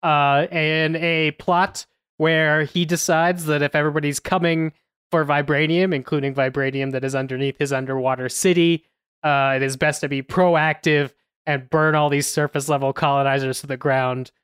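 A woman talks through a film review at a measured pace, with frequent "uh" fillers between thoughts. Her voice is smooth and resonant. The sound is close and dry, with no room around it. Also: deep voice, fairly even intonation, no echo. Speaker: podcast host.

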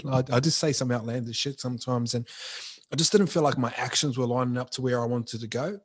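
In a brisk, mid-range voice with fairly level intonation, a young podcast guest describes running his clothing brand. His speech is slangy, candid and unrefined, full of fillers, with "bro" and "like" coming up often.

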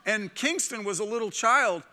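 A middle-aged male pastor preaching with a high-set, very bright and forceful voice. He delivers the sermon in an animated way, slipping into the voices of people in his stories. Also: moderate pace.

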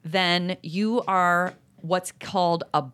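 Brief: woman in her 40s, lowish voice, chatty and animated co-host. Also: clear, resonant tone. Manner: chatty, self-reflective, quick and animated. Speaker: podcast co-host. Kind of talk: casual chat.

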